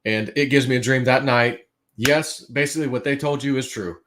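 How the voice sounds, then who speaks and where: A man on a livestream telling a story casually, acting out his own quotes and swinging between hushed and loud. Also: mid-range voice, fairly even intonation, moderate pace, slight background noise. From United States.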